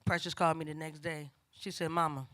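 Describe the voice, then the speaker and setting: An older woman speaks in a deep voice, a little fast, as she shares a family tale on stage for a live audience. She's animated and conversational, slipping into the voices of her relatives as she goes.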